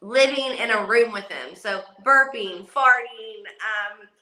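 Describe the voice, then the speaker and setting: A woman's voice: on the high side, animated, takes it slowly, bright, forceful tone, roomy sound, low-quality recording. A woman from West Virginia with a Southern accent, a reality show star chatting casually on a call, brash, cursing and laughing often. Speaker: guest, reality competition star. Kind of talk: casual chat on a video call.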